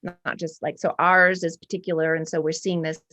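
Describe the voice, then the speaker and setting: A woman in her forties, a guest artist and art professor, speaks in a casual interview about spiritual matters. Her low-pitched voice is brisk, bright, and forceful yet flat in delivery. She rambles earnestly and restarts often.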